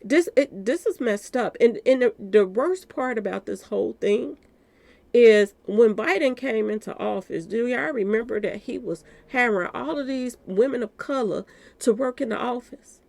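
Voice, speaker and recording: Gravelly woman chatting to viewers. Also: a little high, lively intonation, normal speed, darkish tone, dry recording. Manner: talks straight to viewers, repeating "y'all". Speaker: commentary channel host. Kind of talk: casual commentary to viewers.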